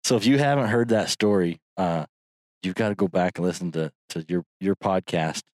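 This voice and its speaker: A man's voice: low voice, normal speed, a little mellow, no room sound, studio quality. A man co-hosting a podcast in a laid-back way, nudging another man to tell a story. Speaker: podcast co-host. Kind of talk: casual chat.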